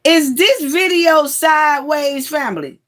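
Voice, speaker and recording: Woman host, slow and easygoing, greets her viewers by name. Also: sits high, fairly bright tone. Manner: chatty, greets viewers by name, fiddles with phone setup. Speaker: livestream host. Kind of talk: casual livestream chat. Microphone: phone.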